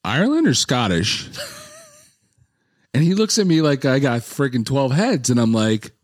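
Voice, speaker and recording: A man's voice: medium pitch, sing-song, a little slow, no echo, clean studio sound. A man hosting a podcast in casual chat, teasing his guest and asking lots of questions. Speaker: podcast host.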